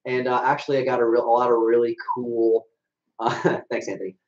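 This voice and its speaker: A man co-hosting a casual webcast, joking around in deadpan sales patter. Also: mid-range voice, brisk. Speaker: co-host. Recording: roomy, dull webcast audio.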